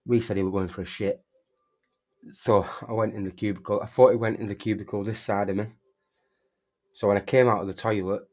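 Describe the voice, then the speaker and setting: A man's voice: on the low side, darkish tone. Rambling sweary man. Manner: rambling, heavy swearing, frequent restarts. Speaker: streamer. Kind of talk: casual storytelling while gaming.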